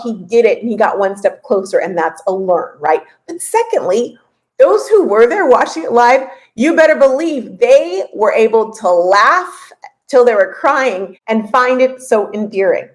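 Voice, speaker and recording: Woman in her 40s hosting a podcast, kinda high voice, talks fast and friendly, laughs a lot and repeats stuff. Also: low-quality recording. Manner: lively and chatty, laughs often, repeats herself for emphasis. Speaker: podcast host and business coach. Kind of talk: casual podcast talk.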